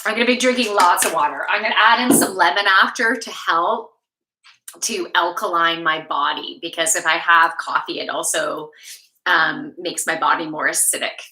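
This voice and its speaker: A woman's voice: lowish voice, normal speed, bright, forceful tone, low-quality recording. A woman from Canada, a yoga instructor, chatting casually and candidly on a live stream from home, swearing freely and laughing often. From Canada, Toronto. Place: home room.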